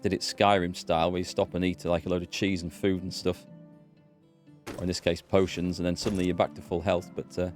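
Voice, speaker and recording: A man's voice: sits low, level tone, a little fast, faint music behind. A British man streaming a game, chatting casually, answering his chat and laughing easily. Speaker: let's play gamer and streamer. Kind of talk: casual live-stream commentary.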